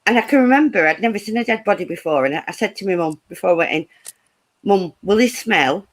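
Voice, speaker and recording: A woman's voice: lowish voice, animated, very fast. Blunt woman chatting. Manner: blunt, laughs through her stories. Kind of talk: casual chat, storytelling.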